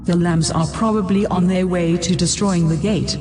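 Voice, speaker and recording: A man's voice: high voice, fairly even intonation, moderate pace, music in the background, voice pushed up. A man voicing a cold, contemptuous council of shadowy male elders in a fan dub, with a reverb effect on the voices. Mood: scornful. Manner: contemptuous, menacing.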